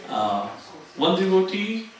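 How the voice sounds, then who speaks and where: A man with a high voice and big pitch swings takes his time explaining a religious seminar step by step, with scripture quotes and fillers. The setting is a temple seminar hall, recorded from a distance in heavy echo, with a little hiss or hum.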